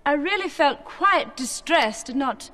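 Fantasy villain: haughty fairy queen, old-fashioned received pronunciation, high, unhurried. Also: expressive. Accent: old-fashioned posh English, received pronunciation. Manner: clipped, with short ending I sounds.

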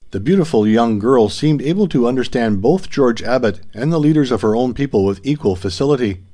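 A man reading an adventure novel aloud in a measured, even storytelling manner. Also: medium pitch. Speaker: audiobook narrator. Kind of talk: scripted narration.

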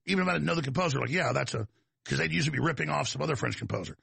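A middle-aged man with a Texan accent holds forth in a loose, digressive monologue. His voice is heavily gravelly and husky, and his pitch swings widely as he goes. The sound is close and dry. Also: animated, racing, pushed and bright, no echo. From Texas. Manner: digressive storyteller, folksy asides. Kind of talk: casual rambling monologue.

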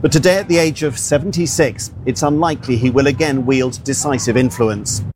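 A man delivering a news report in a measured tone. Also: mid-range voice, darkish tone, a little hiss or hum.

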